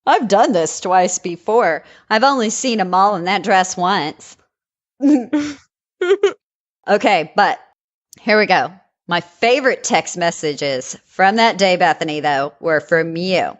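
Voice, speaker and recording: A woman's voice: on the low side, lively intonation, slow, highs cut off. A woman hosting a casual comedy chat who giggles often and reads texts and quotes aloud. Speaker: podcast host.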